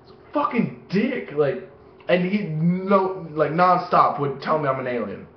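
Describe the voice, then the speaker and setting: A young man with a fairly high, very lively voice, telling rambling stories about his life and swearing constantly. He acts out the voices as he goes. The recording is dull and lo-fi, made in an echoey room. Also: unhurried. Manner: heavy swearing, animated acting-out of voices. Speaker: vlogger. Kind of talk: rambling personal storytelling.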